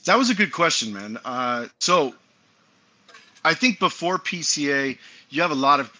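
A man's voice: on the high side, lively intonation, bright, forceful tone. A man guesting on a casual interview, laid-back and slangy, swearing freely and throwing in "dude". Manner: self-described enthusiast, talks with quick asides. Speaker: guest, cigar company owner.

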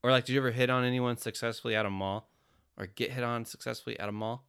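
A man's voice: mid-range voice, steady tone, fast talker, fairly bright tone, clean tone. A man in his thirties co-hosting a podcast, joking casually and laughing often. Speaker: podcast co-host. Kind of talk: casual chat.

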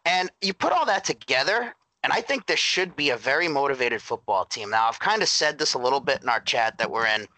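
A man's voice: medium pitch, animated, fairly quick, hardly any pauses, sharp tone, no room sound, rough recording. A man co-hosting a sports podcast, building his argument with rhetorical questions. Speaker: podcast co-host. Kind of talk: casual sports podcast chat.

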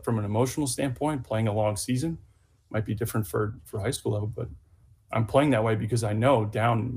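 A man, a sports psychologist and former relief pitcher, telling a story in casual podcast talk, earnest and full of repeated words and fillers. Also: gravelly, darkish tone, husky.

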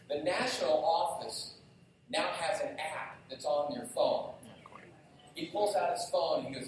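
A man preaching a sermon as pastor, telling stories with lively energy and asking the congregation questions directly. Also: a little high, fast talker, slight background noise. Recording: very echoey hall, distant mic.

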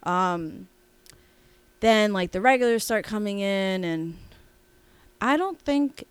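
Brief: woman podcast co-host, smooth voice, dry close mic, rambling and animated as she tells a story. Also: mid-range voice, slow, no echo. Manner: rambling, animated, with many fillers and restarts. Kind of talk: casual storytelling chat.

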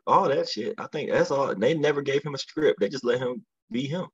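A man in casual chat who talks haltingly, often repeating and restarting his words. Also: mid-range voice, husky, no room sound, muffled recording.

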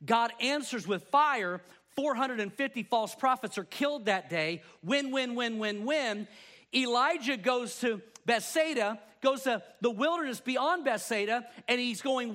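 At a normal speed, a pastor with a fairly high voice gives a sermon. He tells scripture stories animatedly, voicing the people within them.

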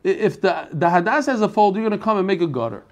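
An American Talmud teacher with a high-pitched, expressive voice moves at a quick pace. After singing the Aramaic text, he explains it in casual English, peppered with chatty remarks to his students.

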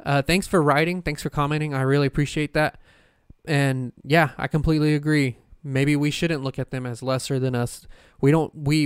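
Male podcast host, solo casual chat, rambling and profane, smooth voice, dry close mic. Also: medium pitch, dry recording. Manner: rambling, profane, frequent fillers and restarts.

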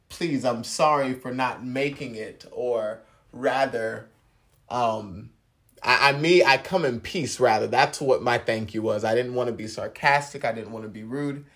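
Male pastor, mid-pitched voice, very slow, halting conversational sermon. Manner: slow, halting, with restarts and soft laughs. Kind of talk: relaxed personal sermon.

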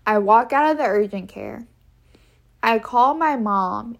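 Woman, casual storytime, unhurried delivery, slightly high pitch, emphatic, repeats phrases. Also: expressive. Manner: frank and conversational, with fillers. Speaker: vlogger telling a personal story.

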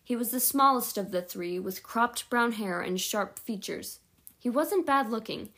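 A woman's voice: fairly high pitch, expressive, unhurried, sharp tone. A woman reading a novel aloud at home, with small slips and self-corrections along the way. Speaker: audiobook reader.

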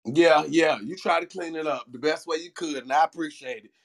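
High-voiced laughing man. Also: brisk. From Alabama. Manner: laughs often, teasing, lively. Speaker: podcast host. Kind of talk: casual chat.

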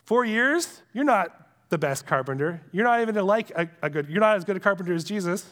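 A man preaches a sermon. His delivery is chatty and earnest, and he often sinks to a hushed near whisper to drive a point home. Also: high voice, expressive, fairly quick. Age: adult with young children. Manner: conversational and earnest, drops to a hush for emphasis. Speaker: pastor.

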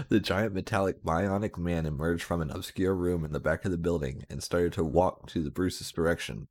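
Male reader, very low voice, sarcastic comedic reading of bad fan fiction. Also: steady tone, normal speed, hardly any pauses, darkish tone. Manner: sarcastic, breaking into laughter.

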